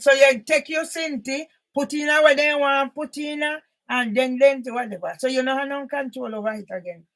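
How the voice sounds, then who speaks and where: A woman with a high-pitched voice rants angrily at one individual, keeping a moderate pace with few pauses. The clip comes from a monologue video by an author and campaigner, and she stays confrontational throughout, hammering home each point with emphatic, loud eruptions.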